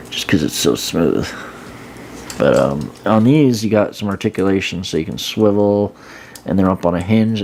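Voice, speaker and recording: Low gravelly man reviewing a toy. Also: slight background noise. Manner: relaxed, rambling, many fillers and restarts. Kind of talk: casual hands-on product review.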